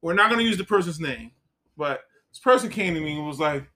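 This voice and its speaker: A man co-hosting a podcast in casual chat, joking, swearing freely and quick to tease. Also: on the high side, expressive, sharp tone. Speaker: podcast co-host.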